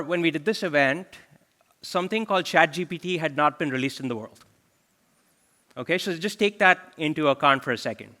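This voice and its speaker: A man in his forties delivers a keynote from a conference stage, with a bright, slightly high voice. He talks in a loose conversational way and keeps turning to the audience with questions. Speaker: chief product officer giving a keynote. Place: large conference hall.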